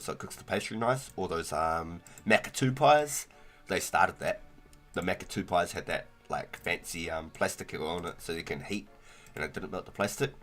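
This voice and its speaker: Young NZ-male streamer, low voice, slangy rambling chat, faint music under it. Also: fairly bright tone. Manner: laid-back, slangy, rambling with frequent "bro" and "like". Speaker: livestreamer. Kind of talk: casual gaming stream chat.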